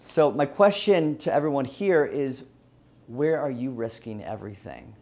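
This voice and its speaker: A man's voice: a little high, mellow. Earnest Southern man. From Louisiana. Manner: earnest, restarts often, laughs at himself. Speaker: speaker. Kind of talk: personal story talk.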